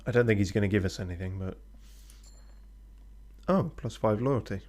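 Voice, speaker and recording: A man with a fairly low voice casually narrates his game on a live stream. His tone is offhand, with mumbled asides and the occasional swear word. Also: normal speed, darkish tone.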